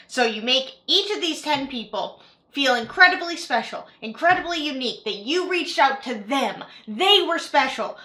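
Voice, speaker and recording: A woman's voice: sits high, pushed and bright. A young woman giving casual reaction commentary as a YouTuber, chatty and full of "like" fillers. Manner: chatty, filler-heavy with frequent "like", repeats herself.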